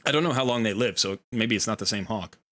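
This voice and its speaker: This game streamer's voice is fairly low yet pushed and bright, and he talks fast. Broadcasting a casual livestream from a home room by a window, he chats and rambles through a long story with playful voiced asides.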